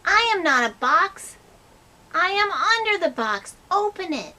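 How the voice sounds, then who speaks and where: A playful little frog from a children's puppet show, as a woman voices him. He talks in slow, clear, bright sentences. His tone is crisp and forceful, and his pitch moves a lot. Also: very animated, heavily acted. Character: cheerful small male frog puppet, playful. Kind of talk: puppet skit.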